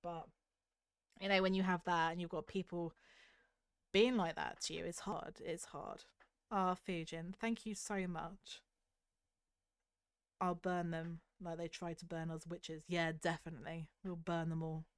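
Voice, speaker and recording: A young woman from the south of the UK with a Southern English accent, chatting openly with her stream viewers in a soft, candid, self-critical way with hesitant restarts. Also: lowish voice, level tone, a little slow, pauses often, smooth, no echo, clean studio sound. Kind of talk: casual chat with stream viewers.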